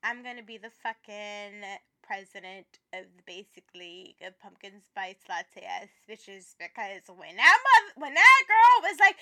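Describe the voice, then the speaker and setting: A woman co-hosting a podcast, chatting in a profane, animated way that swings from loud to hushed. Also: a little high, unhurried. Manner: profane, animated, laughing, dramatic. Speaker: podcast co-host. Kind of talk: casual chat.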